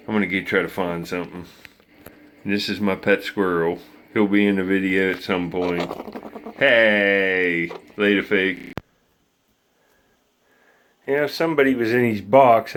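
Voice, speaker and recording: A man, vlogging casually and talking baby talk to his pet squirrel. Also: on the low side. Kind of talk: casual vlog chat.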